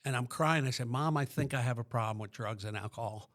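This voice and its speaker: A man's voice: medium pitch, fast, fairly bright tone. A middle-aged man from Pennsylvania, a podcast guest, tells his recovery story in a rambling way, full of restarts.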